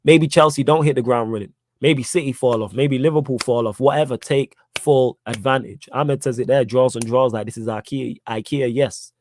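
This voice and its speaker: A man's voice: mid-range voice, normal speed, few pauses, a little mellow, a little hiss or hum. Slangy young man. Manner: slangy, emphatic, repeats points. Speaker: podcast host reading live chat. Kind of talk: casual live-stream chat.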